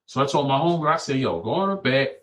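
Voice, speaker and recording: A man in his forties telling animated, profane barbershop stories as a podcast guest, acting out other people's lines. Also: mid-range voice, fast talker. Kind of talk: casual storytelling chat.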